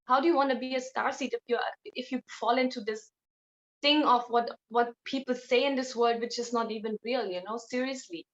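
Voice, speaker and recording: A woman's voice: fairly high pitch, fairly even intonation, a little fast. A woman speaking as an interview guest, blunt and outspoken in casual conversation. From Germany. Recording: dull lo-fi sound.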